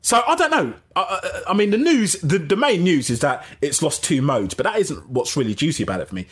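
Male gaming streamer, husky, slightly high voice, rambling casual chat. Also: fairly quick. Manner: rambling, animated, self-interrupting. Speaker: gaming channel host.

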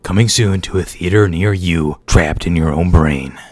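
A man putting on a dramatic male movie-trailer announcer voice, slow and drawn out, recorded dry and close. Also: sits low, no echo.

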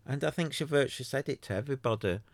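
Gravelly man ranting sarcastically. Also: medium pitch, racing, no room sound. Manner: exasperated, sarcastic, mocks others in put-on voices; rambling with many restarts. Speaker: podcaster running a free website. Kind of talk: solo podcast rant.

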